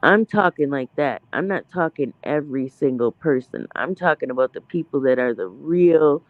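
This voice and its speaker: A man with a fairly high voice explains his stance in a casual debate, hedging and restarting as he goes. The sound is dry and tinny, like a phone line. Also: animated, moderate pace, no echo.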